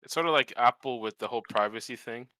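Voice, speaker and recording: Bright-voiced man bantering crudely. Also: mid-range voice, quick pace, a little hiss or hum, rough recording. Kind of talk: casual voice chat.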